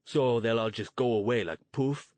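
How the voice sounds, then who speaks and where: Guy putting on a gruff street tough, loud and crude, pushy slang. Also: on the low side, expressive, moderate pace, no echo. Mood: scornful. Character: gruff hard-bitten male street outcast leader.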